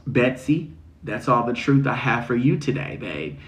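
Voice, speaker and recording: A man giving spiritual readings on a livestream, talking in a sassy, slangy, animated way. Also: medium pitch, measured pace. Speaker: spiritual reader. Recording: echoey room.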